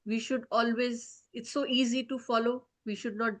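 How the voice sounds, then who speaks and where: A woman whose voice sits fairly high leads a children's lesson, telling a story with lively energy. She keeps asking the kids "okay?" and "right?" to keep them engaged. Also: normal speed. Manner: animated, checks in often with the kids. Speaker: children's teacher.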